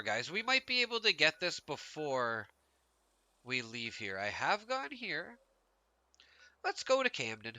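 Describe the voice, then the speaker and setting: A man's voice: a little high, bright, forceful tone, no echo. A man from Canada live-streaming a game, chatting casually, rambling with lots of "like" and frequent laughs. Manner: rambling, laughs often, heavy use of "like". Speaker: gaming streamer.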